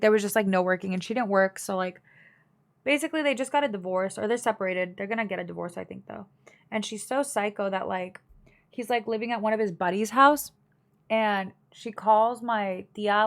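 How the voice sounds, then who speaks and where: Young woman streamer, casual and blunt, gossipy family storytelling for her live chat, full of fillers. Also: medium pitch.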